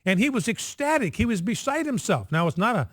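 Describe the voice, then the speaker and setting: A man talking on the radio in an emphatic, insistent way, repeating his key points again and again. His voice sits high and swings widely in pitch. The studio sound is dry and close. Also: big pitch swings, a little fast, a bit bright, dry recording. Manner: emphatic, repetitive, insistent, drills points by repetition. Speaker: radio host. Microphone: studio microphone.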